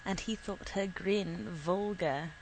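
A woman reading a literary short story aloud in a measured, deliberate way. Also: on the low side, background noise. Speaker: reader.

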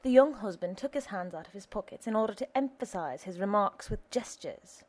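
A woman's voice: mid-range voice, lively intonation, fairly quick, few pauses. Woman reading a story aloud. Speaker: narrator. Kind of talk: scripted audiobook narration.

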